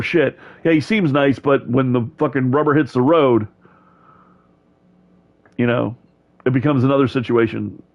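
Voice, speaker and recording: A man's voice: medium pitch, lo-fi sound. A man on a heated, profane rant, swearing constantly and repeating himself.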